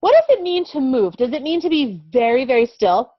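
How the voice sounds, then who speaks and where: A young woman teaching English words to small children in a slow, patient, sing-song way, often checking with "okay?". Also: sits high, very animated, no room sound. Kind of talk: online vocabulary lesson for young children. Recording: dull lo-fi sound.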